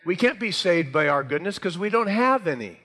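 A man's voice: high-pitched, big pitch swings, moderate pace, pushed and bright. Preaching man in an echoing hall. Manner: emphatic preaching, rising for scripture. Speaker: pastor. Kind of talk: sermon. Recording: hall reverb.

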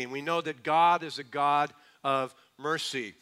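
Male pastor, fairly high and ringing voice, preaches with call-and-response and slow emphasis. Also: steady tone, sharp tone, clean tone. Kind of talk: sermon.

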